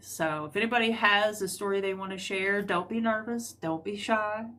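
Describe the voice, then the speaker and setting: A woman's voice: mid-range voice, steady tone, a little fast, vocal fry, hardly any pauses, fairly bright tone, a little hiss or hum. A woman with a rural Southern US accent hosting a live call-in stream, chatty and rambling with many ums. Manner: chatty, rambling, full of ums and trailing thoughts. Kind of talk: casual live-stream chat.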